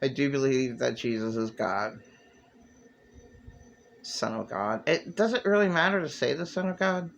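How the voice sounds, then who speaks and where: A man delivering a rambling, agitated religious monologue to camera, bitter and ranting, with sudden leaps in pitch. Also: unhurried, vocal fry, pauses often, a bit bright, dull audio, a little hiss or hum. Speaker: vlogger.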